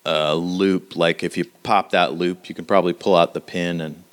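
A man narrating a tabletop game as game master, unhurried and hesitant, filling pauses with "uh". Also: low-pitched, fairly even intonation.

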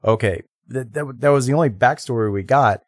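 A man co-hosting a podcast, discussing a film in a halting way with many restarts and mock quotes. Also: medium pitch, no echo, studio quality. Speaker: podcast co-host.

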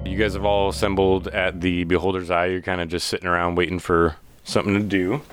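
Low-voiced male dungeon master. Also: a little fast, clear, resonant tone, soft background music. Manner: relaxed, with frequent uh fillers. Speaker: dungeon master and podcast host. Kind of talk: casual game narration.

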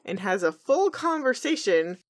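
A woman's voice: mid-range voice, sing-song, moderate pace. A woman co-hosting a podcast, recapping a cartoon episode in a chatty, laid-back way. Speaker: podcast co-host.

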